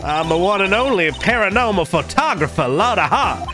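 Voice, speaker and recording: A man voicing a brash country-girl woman photographer with a loud, pushy Southern accent. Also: high voice, lively intonation, normal speed, pitched above the performer's own voice. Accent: American Southern. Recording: background music.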